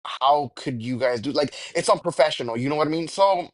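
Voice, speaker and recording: A man's voice: fairly high pitch, brisk, no echo. Young man ranting casually. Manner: profane, rambling, jokey exaggeration. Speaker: YouTuber telling a story. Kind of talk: casual storytime rant.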